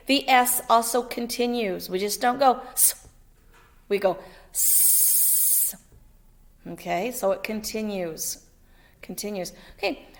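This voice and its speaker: A woman teaching a second-grade phonics lesson, sounding out letters slowly and clearly and encouraging her pupil. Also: mid-range voice. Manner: slow, patient, over-articulates letter sounds; encouraging, checks in with "okay?".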